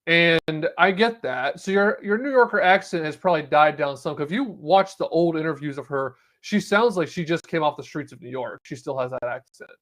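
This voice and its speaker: A man hosts his own podcast, talking through the news in a loose, sarcastic way. His voice sits slightly higher than most men's. He breaks off now and then to read an article aloud. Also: moderate pace, few pauses, a bit bright. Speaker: podcast host. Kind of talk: solo political commentary.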